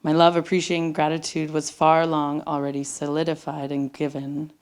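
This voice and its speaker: A middle-aged woman with a slightly low voice tells a personal story live on a theater stage. She speaks intimately and sometimes drops to a near-whisper. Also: completely flat delivery, normal speed, smooth. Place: theater stage before an audience.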